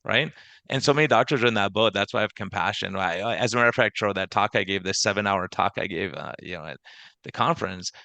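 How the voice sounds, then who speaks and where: Guy hosting a podcast, talks super fast, acts out stories, kinda fry in his voice. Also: lowish voice, no echo. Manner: energetic storyteller acting out quoted exchanges. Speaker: podcast host and doctor. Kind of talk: casual podcast chat.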